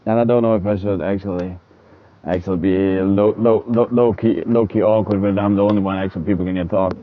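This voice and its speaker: Low-pitched and steady, this gamer talks fast as he streams, rambling to his viewers, repeating himself and laughing a lot. He comes from a country that uses military time; the audio is dry, dull and lo-fi.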